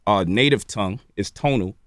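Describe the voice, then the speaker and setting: A man's voice: on the low side, normal speed, no echo, studio quality. A man, a radio show guest, explaining at length in a lecturing way and checking in with "right?" and "you feel me?". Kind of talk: lecturing interview talk. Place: radio studio.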